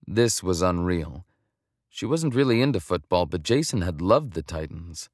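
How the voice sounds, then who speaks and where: A man reading a romance audiobook in a measured, even storytelling manner. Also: low voice, dry recording, studio quality. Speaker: audiobook narrator. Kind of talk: scripted romance narration.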